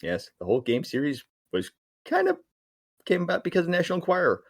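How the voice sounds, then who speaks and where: A man's voice: on the high side, wildly swooping pitch, fast. A man co-hosting a casual podcast, telling a story with jokes along the way. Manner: jokey, storytelling. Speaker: podcast co-host. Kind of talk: casual chat.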